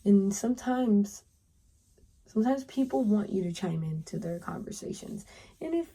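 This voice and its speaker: Soft-spoken breathy young woman. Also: animated, moderate pace. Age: 20s. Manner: chatty, acts out little dialogues in a higher voice. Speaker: tarot reader. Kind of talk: casual pick-a-card advice talk.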